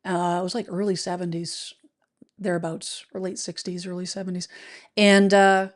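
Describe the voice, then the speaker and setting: A woman's voice: fairly low pitch, level tone, normal speed. A middle-aged woman from the United States hosting a real estate show, chatting casually and reading out viewer comments with many fillers and restarts.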